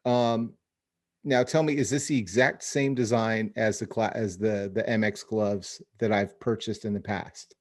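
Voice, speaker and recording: A man's voice: lowish voice, fairly even intonation, a little slow. Rambling casual male podcast host. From Phoenix area, US. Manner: rambling, many restarts, says dude and bro. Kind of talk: casual chat over video call.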